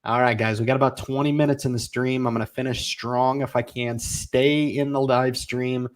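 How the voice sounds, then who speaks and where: A forties-aged livestream host speaks at normal speed with a medium-pitched voice. In a casual, folksy, energetic manner, he reads comments from viewers and urges them on.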